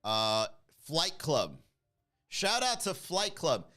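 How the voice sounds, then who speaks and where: A man hosting a comedy podcast, telling a story in a casual, animated way, acting out the people in it and laughing at his own jokes. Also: slow pace. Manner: animated, acts out quoted voices with big pitch jumps.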